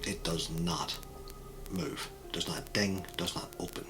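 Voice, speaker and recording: A man running a tabletop role-playing game as game master, narrating scenes in a measured, descriptive way. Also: low voice, steady tone, music in the background, poor audio.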